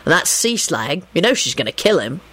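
Sardonic young man, bored and cutting; low, flat delivery, as a woman narrator puts him on. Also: brisk, dry recording, full character voice, low-quality recording. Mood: dry. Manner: low, dry, deadpan. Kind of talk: audiobook narration.

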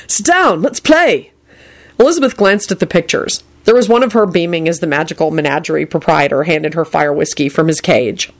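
A woman narrating a story aloud in an expressive storytelling manner. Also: fairly low pitch.

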